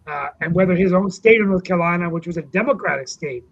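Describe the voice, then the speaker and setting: A man co-hosting a political talk show, reminiscing casually about a late politician, with many pauses and fillers. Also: sits high. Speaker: co-host, city councilman. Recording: dull lo-fi sound.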